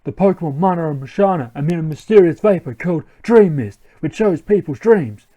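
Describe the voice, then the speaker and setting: A man's voice: fairly high pitch, animated, brisk, mellow. A man voicing a zealous male villain grunt from a game, earnest and preachy in tone. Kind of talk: reading game dialogue aloud.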